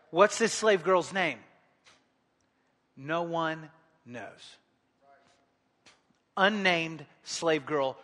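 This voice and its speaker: A man preaching a sermon in a church, animated, acting out the scripture story and calling the congregation to join in. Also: high-pitched. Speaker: pastor. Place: church hall. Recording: long hall reverb.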